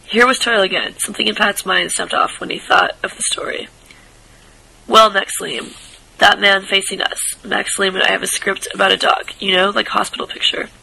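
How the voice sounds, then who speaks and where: A man reading a short story aloud in a casual, unpolished way, tripping over words and restarting, with quiet asides. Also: high-pitched, little pitch movement, moderate pace, gravelly, a little hiss or hum, poor audio. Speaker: reader.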